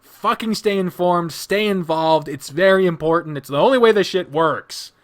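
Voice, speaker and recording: A man's voice: sits high, normal speed. A man co-hosting a casual podcast, talking in an emphatic, profane ranting way. He sounds tired. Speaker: podcast co-host.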